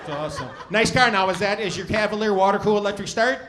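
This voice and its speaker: A man doing stand-up comedy, loudly riffing with the crowd and swearing freely. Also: sits high, fast, background noise. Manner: loud, profane, riffing with the audience. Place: comedy club stage. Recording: club audience laughing loudly.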